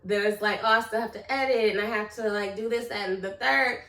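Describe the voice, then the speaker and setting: Woman, late twenties, casual vlog chat, rambling, candid, bright tone, echoey room. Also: medium pitch, steady tone, a little fast. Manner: rambling and candid, talks straight to viewers. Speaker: vlogger. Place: room at home. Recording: echoey room, mic at a distance.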